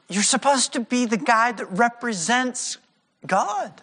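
A male pastor preaches with a high, bright, ringing voice that swings widely in pitch. He is animated and slips into the voices of the people he quotes. The sound carries the long reverb of a church hall. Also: a little slow. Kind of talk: sermon.

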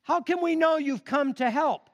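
A man voicing frightened, defiant cave dwellers who shout in fear and anger. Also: extremely high pitch, normal speed, highs cut off, voice pushed up. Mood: fearful, hostile. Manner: loud, shouting, fearful.

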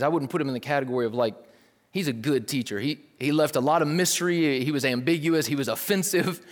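A male pastor preaching a sermon in a casual, lively way, dropping slang asides. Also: medium pitch, fairly quick. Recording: long hall reverb.

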